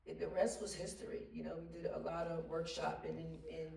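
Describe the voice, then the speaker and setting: A woman's voice: deep voice, level tone, brisk, creaky, dark tone. Woman, casual slangy storytelling, laughs often, roomy hall, distant mic. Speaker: actress on a panel. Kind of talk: animated anecdote at a panel Q&A. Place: stage at a theater Q&A.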